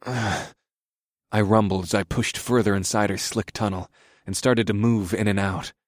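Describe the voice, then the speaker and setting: A man narrating an erotic story in the first person, in a steady, subdued reading voice. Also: on the low side, a little fast, no room sound, clean studio sound.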